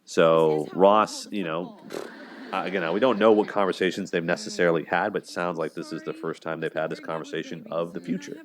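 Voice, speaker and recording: A man's voice: low voice, steady tone, a little fast. A man hosting a show, talking through relationship conflicts in a loose, chatty way full of filler words. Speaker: show host analyzing relationships. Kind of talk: casual commentary.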